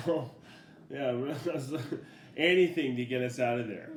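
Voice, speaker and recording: A middle-aged man, a father, casually telling a family story in a relaxed, rambling way, laughing often as he goes. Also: mid-range voice, takes it slowly, slight background noise. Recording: roomy echo.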